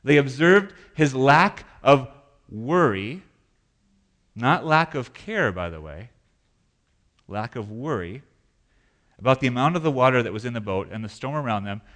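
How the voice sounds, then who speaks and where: A man preaching a sermon as pastor in a church, animated, acting out panicked voices. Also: mid-range voice, measured pace.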